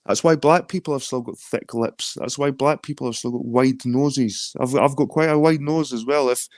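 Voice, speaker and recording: A man's voice: mid-range voice, normal speed, a little mellow, no echo, studio quality. A man with a Scottish accent in a rambling, casual late-night chat, swearing freely. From London. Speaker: chat guest.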